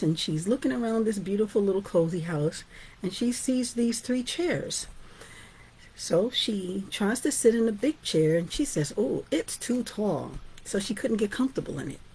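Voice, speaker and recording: A woman's voice: mid-range voice, dark tone, husky. A woman author and teacher giving an informal storytelling lesson, chatty and often asking "right?". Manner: chatty, asks "right?" and "guess what?".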